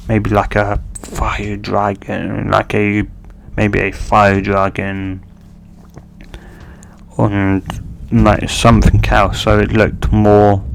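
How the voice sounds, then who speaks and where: Man, low flat slow voice, halting casual fan-story narration. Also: creaky, clean tone. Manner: halting, many fillers and restarts.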